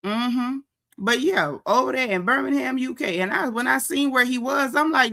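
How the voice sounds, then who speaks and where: A woman with an African American English accent hosting a gossip commentary stream, talking in a sassy, indignant, animated way. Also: sits high, normal speed. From United States. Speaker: gossip show host. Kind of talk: casual commentary livestream.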